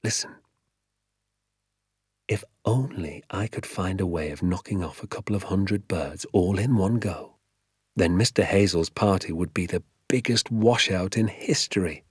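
A man voicing an excitable, scheming father in an audiobook, talking in a hushed, conspiratorial way. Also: deep voice, a little slow, breathy edge, no echo, clean studio sound. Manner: conspiratorial, hushed then fervent. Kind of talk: audiobook character voice.

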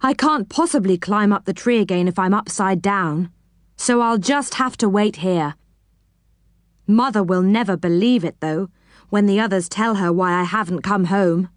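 A woman voicing a plucky young man in a storybook, talking in a lively, raised voice. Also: mid-range voice, moderate pace, no echo, studio quality, lightly acted. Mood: resigned.

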